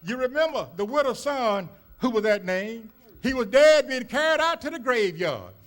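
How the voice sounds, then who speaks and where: A man's voice: very high voice, expressive, moderate pace, fairly bright tone. A man preaching a sermon as a minister, telling stories in a folksy way with many fillers and rising emphasis. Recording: church service recording.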